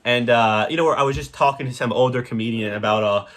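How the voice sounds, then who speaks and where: A young man hosting a podcast, delivering a crude, rambling comedic monologue with sudden loud jumps. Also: mid-range voice, fast. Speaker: podcast host.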